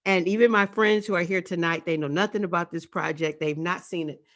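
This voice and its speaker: A spoken word poet, a woman with a fairly low voice, speaks to her audience over a video call. Her delivery is emphatic and rhythmic. She leans on repetition to drive her points home. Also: fairly even intonation, fairly quick, a bit bright. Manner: emphatic, rhythmic, repeats phrases for effect. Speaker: spoken word poet leading an online event.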